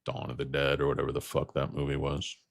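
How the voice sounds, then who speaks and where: A tired, hoarse-edged man in his fifties rambles through a livestream about stocks with a very deep, low voice. He jokes and drifts from tangent to tangent, recorded close and dry. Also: completely flat delivery, fast talker, no room sound. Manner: rambling, joking, tangent-prone. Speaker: host.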